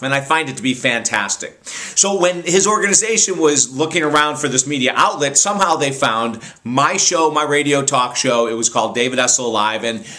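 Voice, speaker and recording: A man who hosts a radio talk show, telling a personal story in an animated, rambling way with frequent restarts. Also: mid-range voice.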